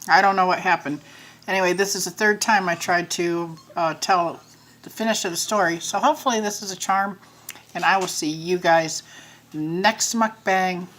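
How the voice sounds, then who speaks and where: A woman's voice: lowish voice, fairly even intonation, normal speed, fairly bright tone. A woman talking casually into her phone while eating for her channel, rambling through a story with lots of fillers. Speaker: mukbang vlogger. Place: at home with pets nearby.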